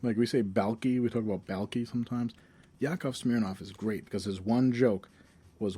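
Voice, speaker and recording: A man co-hosting a casual podcast, wry and joking, quick to break into a laugh. His voice is mellow and soft-edged, at an average pitch. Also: fairly even intonation, husky. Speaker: podcast co-host. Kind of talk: casual chat.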